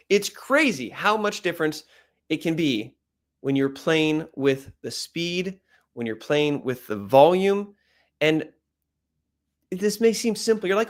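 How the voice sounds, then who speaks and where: Loud, animated man coaching speakers. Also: a little slow. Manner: animated, plays with speed, loudness and pitch for emphasis; loud, high energy. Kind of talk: energetic presentation coaching.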